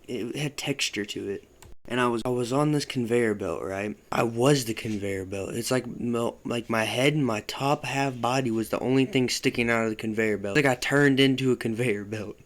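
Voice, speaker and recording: A young man telling a story to his channel in a loose, casual way, swearing often and filling pauses with "like". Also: mid-range voice. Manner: loose, profane, full of "like" fillers. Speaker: vlogger.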